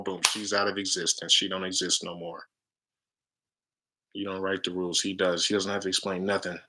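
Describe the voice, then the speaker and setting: Lively man preaching in casual slang. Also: lowish voice, normal speed. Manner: animated, preachy, slangy, laughs often. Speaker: spiritual chant leader. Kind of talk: casual spiritual talk to viewers.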